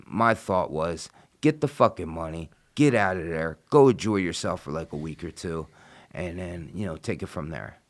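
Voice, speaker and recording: A man's voice: low-pitched, lively intonation, normal speed. A middle-aged man telling a story in a casual interview, blunt and profane, rambling with many asides. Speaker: interview guest.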